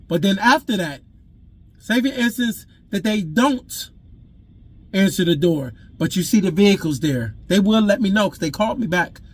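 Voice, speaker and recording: A father telling his own story in an intense, raw way, repeating himself and swinging between loud outbursts and hushed admissions. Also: high-pitched, husky. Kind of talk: emotional personal storytelling to camera.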